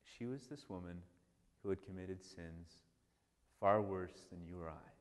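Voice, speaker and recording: Priest telling stories in a reverberant hall. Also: male voice, low voice, a little slow. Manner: animated, conversational, many restarts and "like". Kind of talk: casual storytelling talk.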